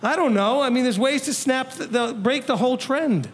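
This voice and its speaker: A man teaching a congregation as its rabbi, talking in a conversational, animated way, acting out quoted people and putting questions to the audience. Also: extremely high pitch, normal speed, slight background noise.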